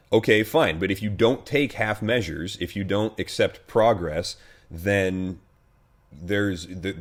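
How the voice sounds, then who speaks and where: Low-voiced American pastor, casual commentary. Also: male voice. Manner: conversational, many fillers and restarts, wry.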